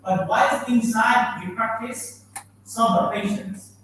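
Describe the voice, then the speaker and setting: A man's voice: very high-pitched, fairly even intonation, slow, fairly bright tone, slight background noise. A man giving an Islamic lecture, asking the audience questions and quoting Arabic verses. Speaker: imam giving a talk. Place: mosque hall. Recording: very echoey hall from far off.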